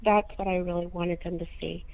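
A woman's voice: lowish voice, steady tone, brisk, creaky. Woman co-host talking to the audience, earnest, sounds like shes on a phone line. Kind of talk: casual discussion on a live stream.

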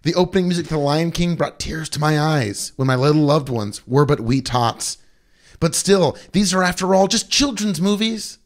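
A man's voice: fairly high pitch, animated, normal speed, natural voice. A man reading a review aloud in the voice of a pompous, stuffy middle-aged father. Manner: stuffy, overly formal reading.

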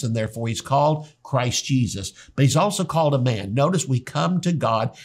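A pastor preaching a sermon, telling stories and acting out the people in them. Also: male voice, medium pitch, husky. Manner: storytelling preacher, acts out quoted people. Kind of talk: sermon teaching.

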